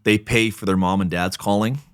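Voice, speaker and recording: A man, a pastor and church planter, telling stories as a guest in a podcast interview, lively and joking. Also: on the low side, brisk, clean tone. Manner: lively storyteller, acts out quotes, jokes.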